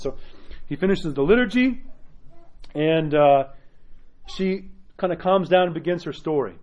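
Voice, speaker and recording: A man with a somewhat high voice preaches a sermon as an Orthodox priest. He speaks earnestly and with animation, often checking in with his listeners by asking "right?". The recording is dull and lo-fi. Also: a little slow, long pauses, darkish tone. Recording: dull lo-fi sound.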